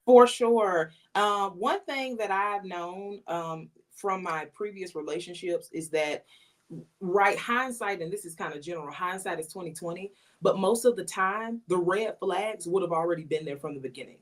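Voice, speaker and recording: A woman, a guest on an interview, telling a personal story in a casual, animated way and acting out the lines she quotes. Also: on the low side, normal speed.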